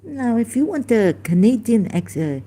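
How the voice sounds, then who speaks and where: A woman's voice: on the high side, very animated, moderate pace, dark tone. A woman, rambling through a personal story in a meandering, self-interrupting way and mimicking how people pronounce words. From Pakistan. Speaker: vlogger.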